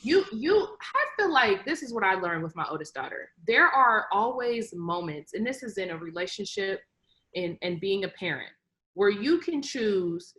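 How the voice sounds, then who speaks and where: Podcast guest, woman, middle pitch, reflective and advice-giving in tone. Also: big pitch swings, normal speed, fairly bright tone, low-quality recording. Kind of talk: casual chat.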